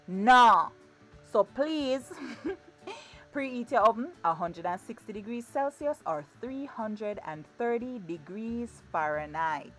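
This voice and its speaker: A woman's voice: a little high, expressive, takes it slowly, faint music behind. A woman giving a chatty, playful cooking demonstration in her home kitchen, often repeating her words. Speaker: cooking vlogger.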